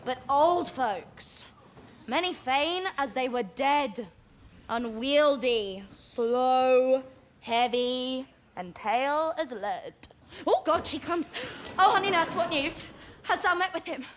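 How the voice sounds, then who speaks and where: A woman's voice: very high-pitched, moderate pace, fairly bright tone, slight background noise. An impatient young girl in love. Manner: urgent, pleading verse delivery. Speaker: stage actor. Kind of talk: theatrical stage acting. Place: open-air theatre stage.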